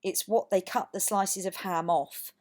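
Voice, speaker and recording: A woman's voice: mid-range voice, fairly even intonation, unhurried, darkish tone. A woman teacher from England giving a recorded lesson, patient and encouraging, saying words for students to repeat. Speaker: language teacher.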